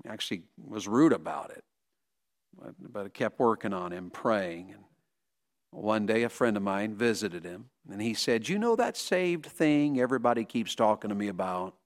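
A man preaching a revival sermon, acting out stories and swinging from soaring to hushed. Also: lowish voice.

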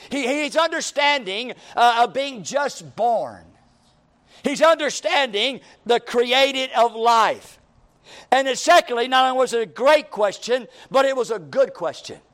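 A man's voice: very high-pitched, fairly bright tone. A man preaching a sermon as pastor, driving his points home with repeated questions and rising emphasis.

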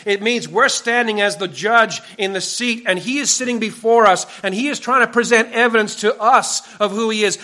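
A male pastor delivers an earnest sermon in a church, pressing his points with repeated, emphatic warnings. His voice sits high for a man and rings bright and forceful.

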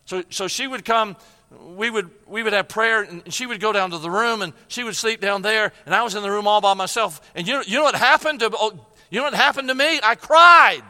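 A man's voice: high voice, a little fast, sharp tone, in a large hall. An older man preaching a sermon, telling a personal story with emotion and repeated phrases.

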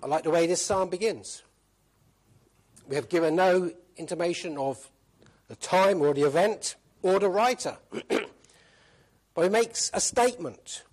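A man preaching a sermon in a fairly high voice. He is emphatic, comes back to key phrases again and again, and asks the listeners rhetorical questions. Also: lively intonation, unhurried.

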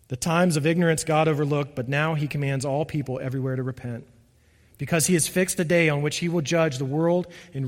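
Preacher man in a reverberant hall. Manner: earnest, dropping to soft emphatic lows. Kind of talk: sermon. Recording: long reverb of a church hall.

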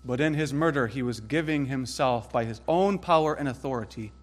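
A man preaching a sermon in an earnest way, rising to emphatic peaks and then dropping low and soft. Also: a little fast.

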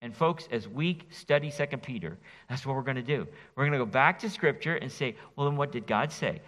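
Animated pastor preaching in a reverberant hall. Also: male voice, mid-range voice, fairly quick. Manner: animated, folksy, jokes with the congregation. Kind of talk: expository sermon. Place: church sanctuary.

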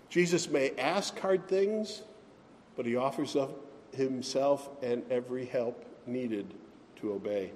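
A man preaching a sermon as pastor, speaking slowly and deliberately and giving scripture readings extra weight. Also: fairly high pitch, animated, darkish tone, big-room sound.

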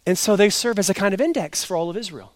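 A man with a high voice gives an expository sermon from the pulpit. He leans hard on his key lines, then drops to a quiet aside, and he slows down to repeat what matters. The sound is dry, close and without room echo. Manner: emphatic, swinging between loud stresses and quiet asides; explains slowly and repeats key points. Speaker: pastor.

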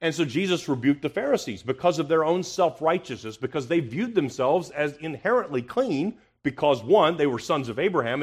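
A man preaching a confrontational expository sermon, asking rhetorical questions and swinging from loud emphasis to hushed tones. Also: a little high, animated, moderate pace, hardly any pauses, breathy edge.

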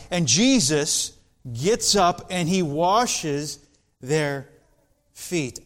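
A man preaching an expository sermon as pastor, slow and deliberate, building to emphatic passages. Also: fairly high pitch.

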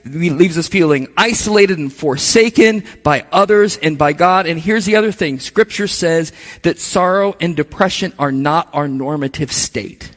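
Delivering his sermon casually and conversationally, a male pastor turns to the congregation for asides now and then. His voice is high and a bit bright, echoing with a long reverb as if filling a large hall.

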